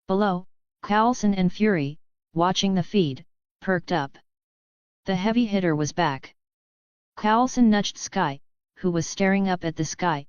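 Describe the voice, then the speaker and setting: A woman narrating an audiobook in a steady storytelling manner. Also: lowish voice, unhurried, pauses often, clean tone, no room sound. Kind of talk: scripted narration. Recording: muffled lo-fi recording.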